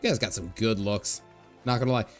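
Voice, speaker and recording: A man's voice: lowish voice, brisk, faint music behind. Chatty laughing gaming streamer man. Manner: chatty, laughs often, swears casually. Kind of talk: casual gameplay commentary.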